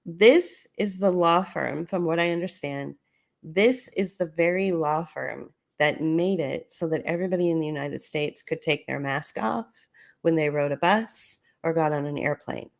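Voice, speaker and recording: A woman's voice: deep voice, moderate pace, vocal fry. A woman hosting a solo commentary podcast, talking casually as she walks listeners through documents on screen. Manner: conversational, explaining documents on screen. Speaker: podcast host.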